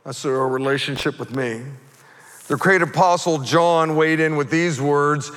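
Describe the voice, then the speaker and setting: A male pastor preaching an animated sermon that swings from quiet storytelling to fervent shouting. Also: fairly high pitch, measured pace. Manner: animated, builds to fervent shouting, acts out voices. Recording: reverberant church hall.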